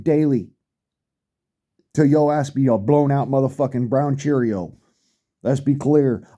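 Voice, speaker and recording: A man's voice: medium pitch, mellow. A middle-aged man speaking bluntly in a profane rant, swearing heavily and repeating himself for emphasis. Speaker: vlogger.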